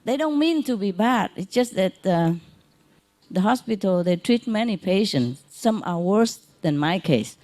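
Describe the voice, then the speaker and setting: Mellow-voiced woman teaching gently. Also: mid-range voice, lively intonation. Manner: gentle, unhurried, chuckles often, repeats phrases for comfort; simple, non-native phrasing. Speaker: spiritual teacher. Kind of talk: informal spiritual lecture to an audience.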